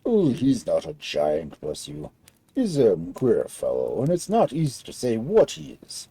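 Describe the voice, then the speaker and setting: A man voicing a big, boastful male giant who is civil but afraid of his wife, speaking slowly in a drawn-out, jovial way. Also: mid-range voice, huge pitch swings, dark tone, slight background noise. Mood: confiding. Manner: slow, drawn-out, jovial speech.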